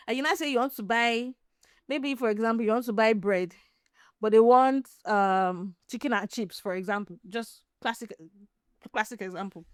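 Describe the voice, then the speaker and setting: Nigerian lady podcast host, chatty and animated, laughs a lot, slightly high voice, dry sound. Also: moderate pace, no echo. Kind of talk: casual chat.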